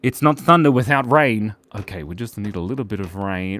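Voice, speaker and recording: A man's voice: medium pitch, big pitch swings, brisk, a bit bright, no room sound. A man hosting a live drawing stream in a playful, chatty, jokey way. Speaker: host and illustrator.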